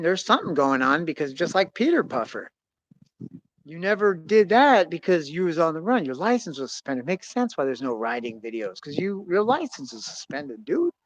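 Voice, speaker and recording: A young man telling a story in casual, profane chat, swinging between loud bursts and quiet mutters. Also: on the high side, dry recording. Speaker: podcast host.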